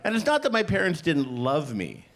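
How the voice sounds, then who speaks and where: Guy doing standup, bit higher voice, really lively swoopy delivery, deadpan punchlines. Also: normal speed. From Canada. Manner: playful, deadpan punchlines, acts out both sides of dialogue. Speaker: stand-up comedian. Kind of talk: stand-up comedy set. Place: comedy stage before a live audience.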